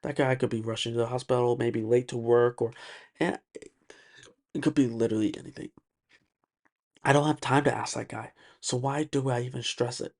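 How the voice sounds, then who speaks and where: A man's voice: medium pitch, fairly even intonation, moderate pace, creaky, long pauses. A man hosting a solo podcast monologue, talking emphatically and repeating himself with lots of fillers. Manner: emphatic, ranting, repeats words and uses many fillers. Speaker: podcast host.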